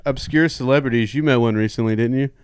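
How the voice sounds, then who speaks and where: A man's voice: medium pitch, fast, clean tone. A man hosting a casual podcast chat in an upbeat, joking manner. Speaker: podcast host.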